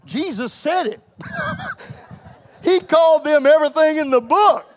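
High-voiced preacher shouting praise. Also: male voice, moderate pace, no room sound. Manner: lively preaching, rising to shouts, playful asides to the congregation. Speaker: pastor. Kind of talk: sermon.

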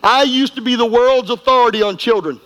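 A middle-aged man preaching a sermon, folksy and emphatic, going from quiet asides to shouting. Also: very high-pitched, brisk, low-quality recording. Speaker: pastor.

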